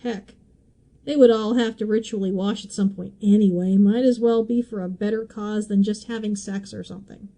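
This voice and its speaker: Bright-voiced woman teaching Bible passages. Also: mid-range voice, steady tone, normal speed, low-quality recording. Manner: conversational and emotional, with asides and little laughs. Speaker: bible teacher and podcast host.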